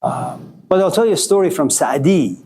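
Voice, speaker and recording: A man's voice: a little high, huge pitch swings, normal speed, darkish tone, slightly rough. A man in his sixties giving a conversational philosophy lecture, acting out quoted voices now and then. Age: 60s.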